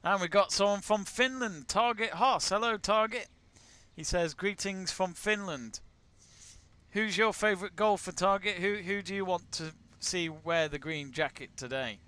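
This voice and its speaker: A man's voice: sits high, normal speed, pushed and bright, clear, resonant tone. A man from England hosting a live golf watch-along, chatting casually, greeting viewers and reading out their messages. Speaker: watch-along stream host.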